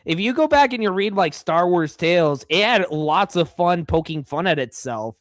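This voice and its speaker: A man's voice: high voice, animated, moderate pace, no room sound. A man co-hosting a podcast in casual chat, blunt, opinionated and sarcastic. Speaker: podcast co-host.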